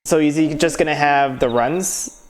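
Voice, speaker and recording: A man's voice: on the high side, measured pace. A man streaming a game, chatting playfully, singing along and reading lines aloud over game music. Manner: playful, sings along and drops into voices. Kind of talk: casual gameplay commentary, reading dialogue aloud.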